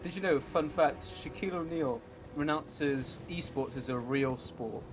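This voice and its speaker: A man's voice: a little high, a little slow, background noise. A man in casual, sweary banter on a game stream, joking and laughing a lot. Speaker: streamer's guest co-commentator.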